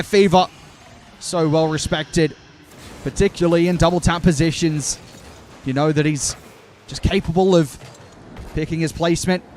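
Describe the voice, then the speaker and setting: A young man doing live play-by-play commentary on an esports match, calling the action briskly and breaking off to answer his chat. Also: fairly high pitch, a little hiss or hum.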